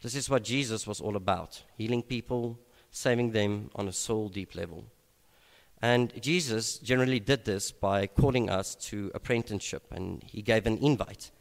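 A man preaching a sermon at an evening gathering, unhurried and reflective, with frequent hesitations and restarts. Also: fairly low pitch, creaky. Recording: long reverb of a large hall.

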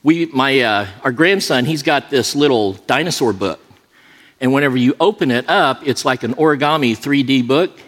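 A man's voice: mid-range voice, normal speed, a bit bright. A middle-aged man preaching as an associate pastor, mixing a sermon with joking, self-deprecating stories. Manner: jokey, self-deprecating anecdotes. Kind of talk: sermon with humorous storytelling. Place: church sanctuary. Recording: long reverb in a large church.

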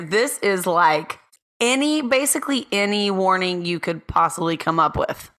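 A woman co-hosting a podcast in casual chat, a little hoarse, laughing often and trailing off mid-thought. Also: mid-range voice, moderate pace, a bit bright. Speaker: podcast co-host. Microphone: studio mic with red light.

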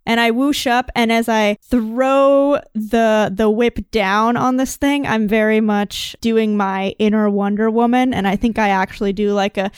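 Young woman at a tabletop game, smooth clear voice, pitched up, dry sound. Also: a little slow, few pauses, no room sound. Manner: animated, joking, narrates her character's actions. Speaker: player.

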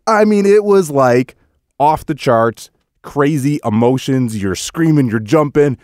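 Excitable man talking football. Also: mid-range voice, unhurried, dry recording, clean studio sound. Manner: excitable, swings between frustration and hype. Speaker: sports podcast co-host. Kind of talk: casual sports chat.

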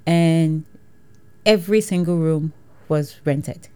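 A woman from Nigeria, a guest in an interview, telling her story in a lively way and laughing often. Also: sits low, slow, a crowd in the background. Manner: lively, laughs often, acts out quoted people. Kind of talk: conversational storytelling.

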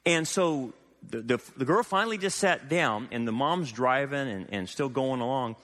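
A man's voice: mid-range voice, normal speed. Male pastor preaching in a reverberant hall. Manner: animated, rhetorical questions to the congregation. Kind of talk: sermon. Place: church sanctuary.

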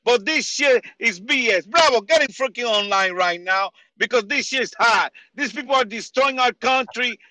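A man's voice: very high-pitched, animated, moderate pace, hardly any pauses, pushed and bright, dry recording, poor audio. A man in his forties, an army veteran, ranting angrily on a call-in talk show and swearing constantly through a headset mic. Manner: furious, swears constantly, repeats freaking. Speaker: caller on a political talk show. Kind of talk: angry political rant. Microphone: headphones with mic.

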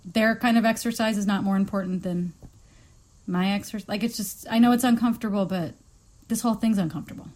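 A woman's voice: mid-range voice, fast talker. A woman hosting a podcast, chatting casually and acting out quotes with swearing. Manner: animated, swears freely, acts out quotes. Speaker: podcast host. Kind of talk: casual chat.

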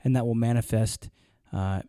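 A man co-hosting a podcast, easygoing and quick with joking asides. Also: mid-range voice, fairly even intonation, dark tone, clean tone, no echo, studio quality. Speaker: podcast co-host. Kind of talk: casual podcast talk.

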